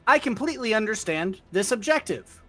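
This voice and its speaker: Brief: a man doing a high-voiced warforged construct, stiff and formal. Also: sing-song, brisk, fairly bright tone, no echo, soft background music, heavily acted. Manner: stiff, precise, formal phrasing.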